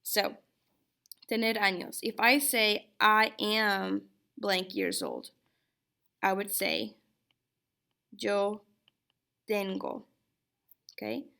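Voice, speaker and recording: A woman teaching a recorded language lesson, speaking slowly and patiently and checking in with her students often. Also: mid-range voice, vocal fry, pushed and bright. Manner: slow and patient, checks in with "okay?". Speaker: Spanish teacher. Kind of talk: recorded classroom lecture.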